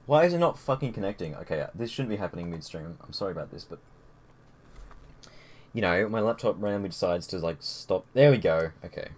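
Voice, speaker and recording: Deep-voiced young streamer. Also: male voice, a little fast, a little mellow, slight background noise. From Australia. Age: young adult. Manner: rambling and easygoing, with many fillers and restarts. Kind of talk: casual live-stream chat. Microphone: headset.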